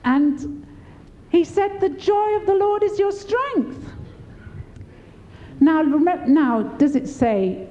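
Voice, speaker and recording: Woman preacher, older, mellow tone, unhurried delivery, giving a sermon. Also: muffled recording. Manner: warm, laughing, encouraging, lively pitch swings.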